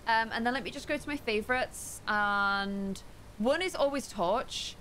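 A young woman streaming a game, chatting excitedly with her viewers while losing her voice. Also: fairly high pitch, unhurried, a little hiss or hum. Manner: chatty, excitable, talks to herself while playing. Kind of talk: casual gameplay chat with viewers.

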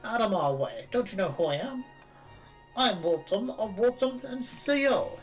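A man voicing a pompous, posh older gentleman in a video game, in a plummy put-on upper-class voice. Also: high-pitched, animated, a little slow, faint music behind, pitched above the performer's own voice. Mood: haughty.

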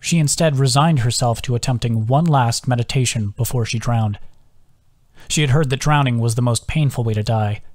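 A man reads his own novel aloud in a steady, measured audiobook voice at a middling pitch. He keeps the narration even and drops to a hush for quoted whispers.

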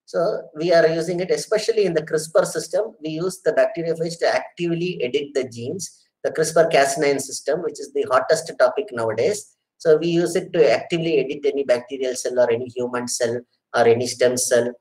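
A man's voice: a little high, brisk, darkish tone, poor audio. A middle-aged man giving an earnest online lecture, repeating his phrases and addressing listeners as sir and madam. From India. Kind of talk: online lecture with audience questions.

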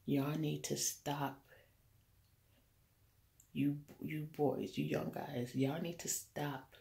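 A woman vlogger with a very gravelly, creaky voice. She speaks in a fairly flat, level tone. Her casual rant is blunt and profane, and she repeats her points for emphasis. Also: deep voice.

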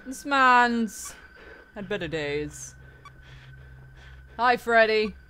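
Young woman, horror game commentary, unhurried talk, higher voice, faint music behind. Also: animated, sharp tone, a little hiss or hum. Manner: chatty, talks to the game characters, swears and laughs in panic. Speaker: gaming YouTuber.

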